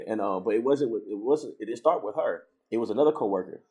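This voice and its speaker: A man with a fairly low voice tells a story in relaxed, casual conversation. He slips into lively, higher voices whenever he quotes someone. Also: a little fast. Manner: storytelling, animated when quoting others.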